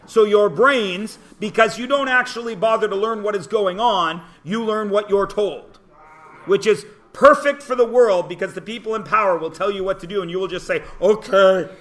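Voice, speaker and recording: A man's voice: high-pitched, moderate pace, fairly bright tone. A man teaching math to a class, playful and sarcastic, quizzing his students as he goes. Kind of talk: classroom lecture.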